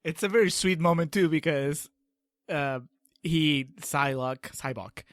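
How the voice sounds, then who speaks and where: Guy cohosting a movie podcast, kinda higher voice, laughs a lot, dry mic. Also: a little slow, fairly bright tone, no room sound. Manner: chatty, laughs often. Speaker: podcast co-host. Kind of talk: casual film discussion.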